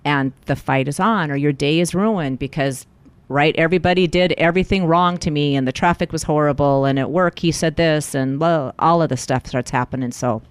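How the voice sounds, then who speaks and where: A woman's voice: deep voice, moderate pace, clear, resonant tone, no echo. A middle-aged woman, a life coach, telling a personal story in an interview and acting out the lines of the people in it. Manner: animated storyteller, acts out quoted lines.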